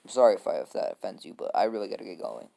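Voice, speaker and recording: A man doing an easygoing young ninja, gravelly. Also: deep voice, lively intonation, rapid-fire, warm tone, exaggerated voice. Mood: apologetic.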